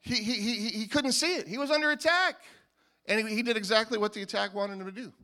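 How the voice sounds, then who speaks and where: Pastor guy preaching, kinda high voice, loose and animated, trips over his words a lot. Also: fast talker. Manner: animated and informal, with frequent restarts. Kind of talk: conversational sermon.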